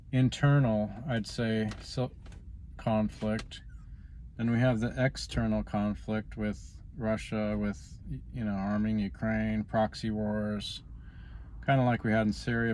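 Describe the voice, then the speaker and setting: A man's voice: fairly low pitch, a little mellow, slight background noise. A man vlogging in a rambling, casual way, stopping often on "you know" as he drifts from politics to personal life.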